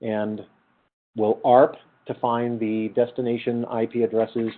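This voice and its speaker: A man's voice: mid-range voice, little pitch movement, a little slow. Middle-aged male lecturer, tinny lo-fi recording. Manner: conversational, quizzes students with questions and answers them himself. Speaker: university lecturer. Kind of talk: classroom lecture.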